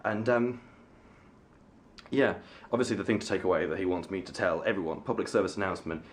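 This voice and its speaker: Low-voiced young Englishman rambling to camera. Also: a little fast, a little hiss or hum. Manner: rambling, self-mocking, many fillers and restarts. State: sunburnt. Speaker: vlogger. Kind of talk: casual vlog chat to camera.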